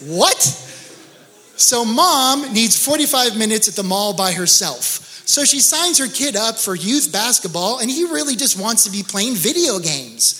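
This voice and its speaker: A middle-aged male pastor preaching a sermon with animated, joking storytelling. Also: high voice, normal speed, few pauses. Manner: animated storytelling with laughs and exclamations.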